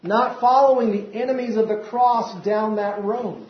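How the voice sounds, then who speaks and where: High-voiced preacher in a roomy hall. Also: male voice, a little slow. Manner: preaching with rising emphasis and repeated rhetorical questions. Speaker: pastor. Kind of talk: sermon. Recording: roomy, dull lo-fi church recording.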